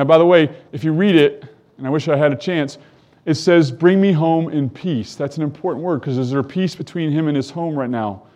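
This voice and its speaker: A man leads a Bible teaching, moving between reading scripture aloud and explaining it in his own words. His voice sits a little high for a man and rises further, more animated, whenever he quotes the characters. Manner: reads scripture aloud and stops to comment; animated, voice climbing when quoting the characters. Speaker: preacher.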